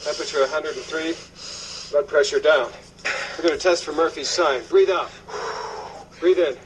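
An actor playing a doctor who curtly calls out orders in an emergency. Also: male voice, on the high side, steady tone, normal speed, background noise, lightly acted. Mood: urgent. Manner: curt, commanding, calling out orders. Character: brisk doctor in charge of an emergency.

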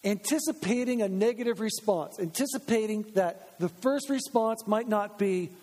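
A man's voice: sits high, normal speed, few pauses, darkish tone. A man preaching a sermon as pastor in a church, conversational and acting out quoted voices. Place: church sanctuary. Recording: long church reverb.

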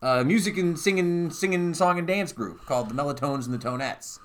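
A man's voice: on the high side, a little fast, fairly bright tone. A man, hosting a casual podcast chat, joking and self-mocking. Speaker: podcast host.

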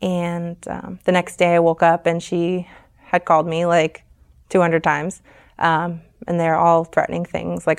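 A young woman talking as a guest, telling a personal story frankly, with halting pauses and many fillers. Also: fairly low pitch, completely flat delivery, creaky, smooth.

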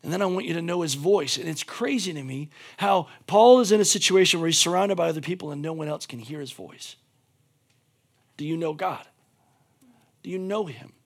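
A man preaches a sermon in a fairly high voice. He swings from near-shouted fervor to soft, intimate appeals. He drives his points home by repeating the same phrases. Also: a little fast, breathy edge. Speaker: pastor.

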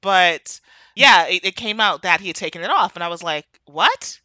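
A woman in her thirties from the New York area talks candidly on a podcast, speaking straight to her listeners. Her voice is lowish but bright and sharp, recorded close and dry. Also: a little fast, dry recording. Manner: candid, chatty, addresses listeners directly. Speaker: podcast co-host. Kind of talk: casual personal storytelling.

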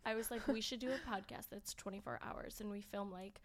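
A woman's voice: medium pitch, fairly quick. A woman co-hosting a podcast in casual chat, upbeat and enthusiastic. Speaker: podcast co-host.

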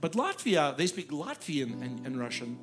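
A middle-aged man from Ukraine preaching and telling a personal story in lively, animated style, acting out the people he quotes. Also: on the high side, moderate pace. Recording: music playing underneath.

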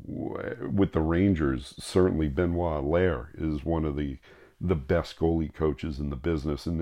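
A middle-aged man hosting a podcast, talking casually in a flat, monotone way with many fillers and restarts as he answers listener questions. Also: very deep voice, lo-fi sound.

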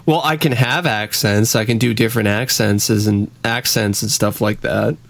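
A man co-hosting a podcast in casual chat, easygoing and laughing along, recorded on a clear, crisp microphone. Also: lowish voice, fairly even intonation, normal speed, no room sound. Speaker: podcast co-host. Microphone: clear, crisp studio mic.

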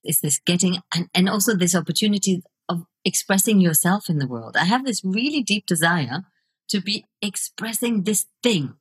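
A middle-aged woman talks as a guest on a podcast, her voice low and slightly husky. She speaks in an earnest, reflective way about her work as a coach. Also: lively intonation, normal speed. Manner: reflective, earnest, laughs easily. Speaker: guest, video coach and author. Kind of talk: podcast interview.

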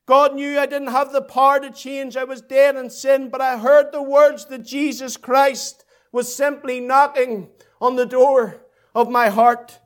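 A Northern Irish man preaching with a strikingly high, fervent voice. He holds to a narrow, insistent pitch and drives his appeal through rhythmic repetition. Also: level tone, a little slow. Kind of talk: evangelistic sermon.

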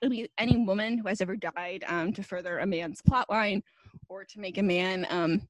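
Young co-host, rambling and teasing, heavy on fillers; dry, close recording. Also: female voice, medium pitch, steady tone, moderate pace, no echo. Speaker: podcast co-host. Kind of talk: casual chat.

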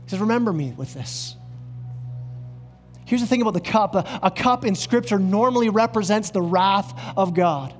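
Earnest high-voiced male pastor preaching. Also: soft background music. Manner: earnest, drops low and slow on key words. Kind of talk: sermon. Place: church.

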